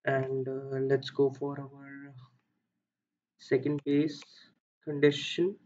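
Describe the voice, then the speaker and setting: A man's voice: mid-range voice, completely flat delivery, takes it slowly, a little mellow, dull audio. A man with an Indian accent walking through a coding problem step by step, thinking aloud with many fillers and self-corrections. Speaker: coding tutor. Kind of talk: screen-recorded coding walkthrough.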